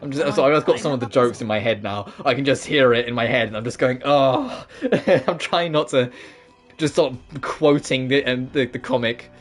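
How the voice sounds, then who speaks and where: A man's voice: medium pitch, fairly quick, soft background music. A man commentating a video game in casual chat, laughing often and going off on rambling asides. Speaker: let's play host.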